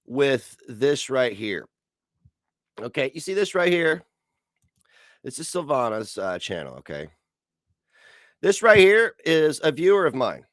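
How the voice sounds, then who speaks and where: Male streamer, angry profane rant, lively swooping delivery, dry close mic. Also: fairly high pitch, slow pace, long pauses, dry recording. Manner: profane, ranting, sarcastic.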